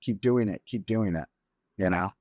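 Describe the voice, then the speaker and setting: A middle-aged man, a grieving father, telling a personal story on a podcast in a halting, reflective way with many restarts. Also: on the low side, a little mellow, dry recording, highs cut off. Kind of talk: emotional storytelling.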